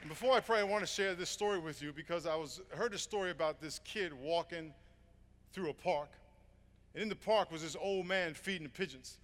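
Fervent preacher in an echoing hall. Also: male voice, on the high side, fairly quick, a bit bright, slight background noise. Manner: fervent storytelling, earnest. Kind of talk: evangelistic sermon. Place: large room with audience.

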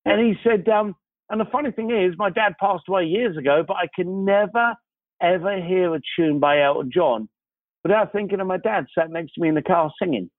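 On a tinny, phone-like, dry recording, a high-voiced man speaks fairly quickly. He's a guest who owns a concierge business, and he tells stories in the interview with animated, acted-out dialogue.

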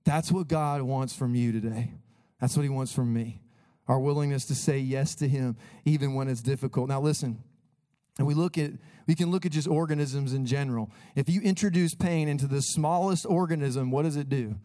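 A pastor preaching a sermon, talking casually and energetically and addressing the congregation directly. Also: male voice, medium pitch, moderate pace, mellow.

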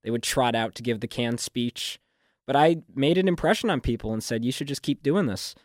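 Young man, smooth newsreader delivery. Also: medium pitch, brisk, no echo, studio quality. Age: young adult. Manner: fluent, newsreader-like delivery with restarts and laughs. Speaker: graduating student guest. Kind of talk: casual radio interview. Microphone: studio microphone.

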